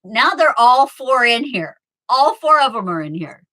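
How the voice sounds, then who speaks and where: Chatty bright-voiced woman in her fifties. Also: medium pitch, big pitch swings, unhurried, poor audio. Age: 50s. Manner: chatty, rambling, laughs often. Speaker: live streamer chatting with viewers. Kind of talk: casual chat. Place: home. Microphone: webcam.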